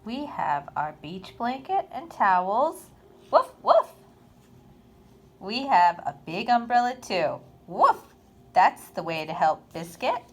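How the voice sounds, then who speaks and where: A woman reading a children's picture book aloud in an expressive, sing-song storytime manner. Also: mid-range voice, measured pace, hardly any pauses, faint music behind.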